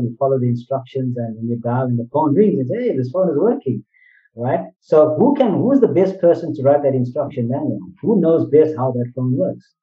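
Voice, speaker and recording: A man guest in an interview, speaking earnestly and explaining his points through analogies and rhetorical questions. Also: medium pitch. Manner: earnest, repeats phrases, asks rhetorical questions. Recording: distant, roomy, dull-sounding mic.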